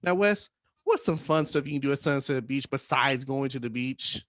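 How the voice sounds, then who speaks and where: A man co-hosting a casual real estate podcast in an upbeat, jokey way, often tagging his points with a quick "right?". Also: mid-range voice, animated, a bit bright, no echo.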